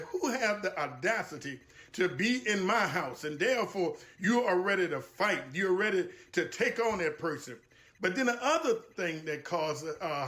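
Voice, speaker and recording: A man delivers a motivational talk. He speaks in a preacherly, emphatic way, circling back to key phrases and slowing down to stress them. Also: high voice, fairly bright tone. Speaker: guest speaker.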